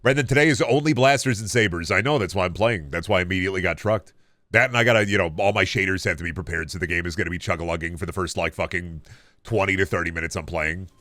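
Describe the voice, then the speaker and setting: A man's voice: sits low, quick pace, fairly bright tone, no echo, clean studio sound. A man streaming a video game, chatting in a rambling, jokey way with plenty of swearing. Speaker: gaming streamer. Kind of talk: casual stream chat.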